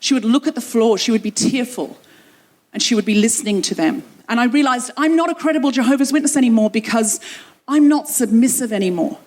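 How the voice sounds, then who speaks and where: A woman's voice: a little high, fairly quick. A woman hosting a comedy show, telling a personal story on stage and acting out the dialogue. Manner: lively, quoting dialogue with her own voice. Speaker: comedy podcast host.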